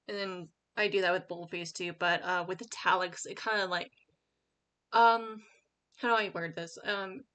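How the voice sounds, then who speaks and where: This woman's voice is medium-pitched with a sharp tone. Hosting her own channel, she gives casual writing advice over a screen share, rambling with many fillers and restarts, and at one point reads her own sample paragraph aloud.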